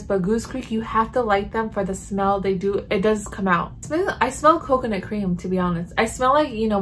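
A woman's voice: mid-range voice, slight background noise. A woman chatting casually in a home vlog, reviewing candles and reacting as she smells each one. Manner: chatty, animated, sniffing and reacting. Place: home room.

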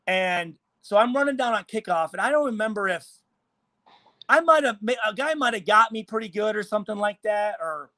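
Animated, profane ex-player telling stories. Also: male voice, high-pitched, fairly quick, no room sound. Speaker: former NFL player guest. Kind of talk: casual storytelling chat. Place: hotel room.

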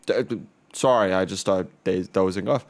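A man's voice: deep voice, normal speed. A young man doing casual let's-play commentary, joking and rambling and swearing freely. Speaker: gaming YouTuber.

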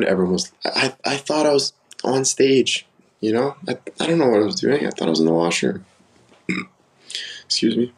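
A young man with a fairly low voice hosts a casual live stream. He rambles candidly through personal stories and answers comments from viewers as they come in. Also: darkish tone, low-quality recording. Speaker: livestream host. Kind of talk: casual livestream chat.

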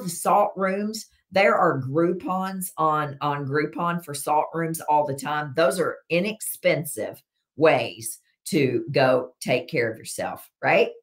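Low-voiced woman hosting a live chat. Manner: earnest, conversational, drops her voice on key points. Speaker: wellness practitioner and live-stream host. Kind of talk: live-stream chat, reading viewer comments.

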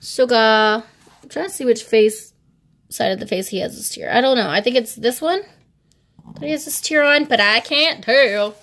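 An excitable young woman chats her way through an album unboxing, her voice a bit high and full of gushing delight. She gasps, giggles and slips into soft whispers, a casual vlogger talking straight to her viewers. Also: moderate pace. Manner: drops to hushed whispers at times.

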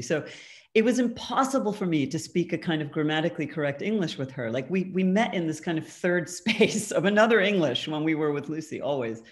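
A woman, a guest artist, answers audience questions in a thoughtful, conversational way over a video call. She hedges with "um" and "kind of" and laughs lightly. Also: lowish voice.

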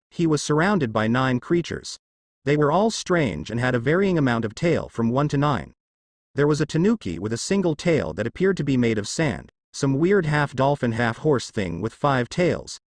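A man reading a fan story aloud as a steady, scripted narration. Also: medium pitch, no room sound, studio quality.

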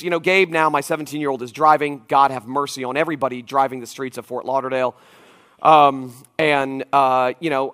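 A man in his forties preaching a conference sermon, telling stories in an animated, emphatic way with frequent asides to the audience. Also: medium pitch, a little fast. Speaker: pastor. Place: church auditorium.

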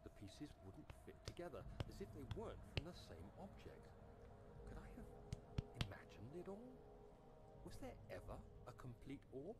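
A man's voice: medium pitch, very animated, normal speed, very noisy, natural voice. A man voicing a troubled, doubting diarist. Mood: uneasy. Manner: quiet, doubtful, near-whispered. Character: troubled young man writing in a journal. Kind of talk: game narration. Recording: game audio with loud ambience.

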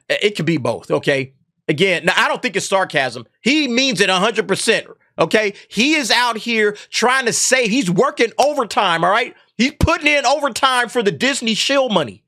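A man's voice: sits high, lively intonation, bright, forceful tone. A man hosting an opinionated commentary show, talking casually with mocking laughter and repeated "okay?" and "man". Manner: mocking, laughs often, drawn-out emphasis. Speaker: commentary channel host.

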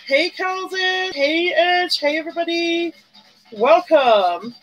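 A woman's voice: very high-pitched, slow pace, low-quality recording. A woman hosting a chatty live stream while doing her makeup, greeting viewers by name, squealing and humming along. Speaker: livestream host. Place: indoors at home, live streaming. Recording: faint music behind.

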